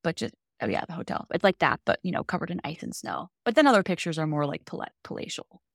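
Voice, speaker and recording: Young female podcast co-host, lowish voice, dry close-mic sound, chatty recap delivery. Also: fast talker, creaky, no room sound. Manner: chatty, animated storytelling, lots of "like". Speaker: podcast co-host explaining fantasy books. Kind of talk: casual chat.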